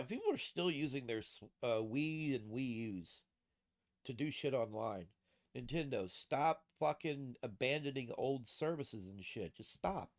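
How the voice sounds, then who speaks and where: A man's voice: medium pitch, a little mellow. A man streaming late at night, reacting to posts in loose, profane commentary and laughing often at his own jokes. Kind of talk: casual livestream commentary.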